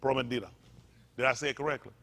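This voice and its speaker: A pastor, preaching a sermon in a repetitive, emphatic manner that rises to loud peaks. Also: male voice, mid-range voice, fairly quick.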